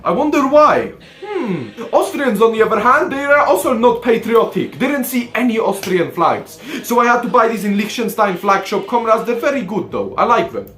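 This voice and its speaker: A man's voice: high voice, very animated, normal speed, few pauses, a bit bright, roomy sound, faint music behind. A young man casually showing off his collection to viewers, brash and sweary, calling everyone "comrades" in a playful persona. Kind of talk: casual comedic vlog.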